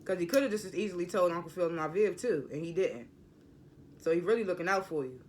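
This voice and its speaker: A man's voice: sits high, quick pace, slight background noise. A man casually recapping a TV episode, stuttering and repeating words as he rambles. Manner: rambling, loose and conversational. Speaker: TV episode reviewer.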